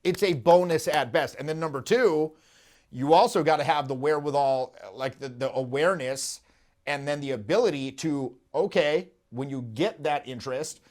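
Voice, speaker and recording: A man's voice: a little high, normal speed. A man, a dating coach, giving casual, emphatic commentary on a TV scene and often repeating himself.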